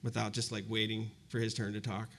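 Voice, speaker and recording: At a university event, a man in his fifties reflects on a personal story for a live audience, speaking conversationally and leaning on fillers such as "you know." He presents in a lowish, monotone, fairly bright voice, a little fast.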